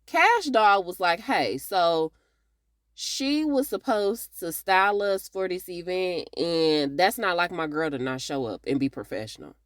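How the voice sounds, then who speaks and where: A woman's voice: fairly low pitch, animated, unhurried, no echo, clean studio sound. A woman giving a casual, chatty TV episode recap, talking straight to her viewers. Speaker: TV recap reviewer.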